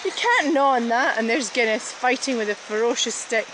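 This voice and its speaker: A woman filming her dogs by a river in the woods and chattering to them in an excited, cooing running commentary on a handheld camera. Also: fairly high pitch, moderate pace. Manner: excited, coos and calls to the dogs. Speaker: dog daycare owner walking dogs. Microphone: handheld camera she is filming with. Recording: noisy outdoor river recording.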